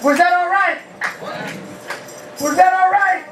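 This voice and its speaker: A rabbi gives a lively call-and-response sermon, asking the congregation questions and shouting praise. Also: male voice, extremely high pitch, slow pace, background noise. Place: humid, warm house of worship. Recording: echoey hall, mic far off.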